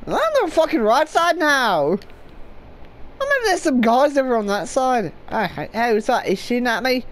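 A woman narrating gameplay in a loud, swearing, laughing manner. Her voice sits high and swings widely in pitch, while her pace stays unhurried. A faint noise runs under the recording. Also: sing-song. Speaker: gaming video creator. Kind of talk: profane gameplay commentary.

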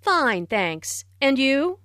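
A woman's voice: mid-range voice, lively intonation, measured pace, a bit bright, dry recording, studio quality. An actress voicing a woman student heading off to study, giving plain conversational replies in a scripted textbook dialogue. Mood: casual.

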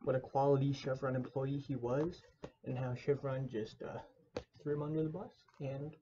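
A man's voice: medium pitch, little pitch movement, moderate pace, warm tone, lo-fi sound, slight background noise. A young man telling a rambling story to camera, casual and mock-dramatic, with lots of fillers.

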